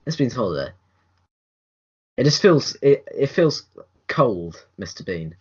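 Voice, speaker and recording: A young man co-hosting a casual film review podcast, rambling with restarts and lively put-on quotes. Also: mid-range voice, unhurried, slightly rough. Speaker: podcast co-host. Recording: dull lo-fi home recording.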